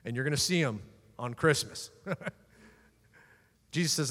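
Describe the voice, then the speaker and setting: A man preaching a sermon as pastor, moving between emphatic declarations and quiet asides. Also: medium pitch, lively intonation, unhurried, pauses often, long reverb tail.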